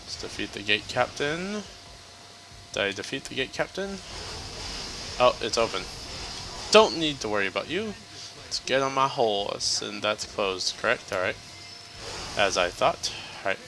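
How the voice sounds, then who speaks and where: A man's voice: medium pitch, noisy background. A man giving casual, joking let's-play commentary as he plays, chatty and laughing often. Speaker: gameplay commentator.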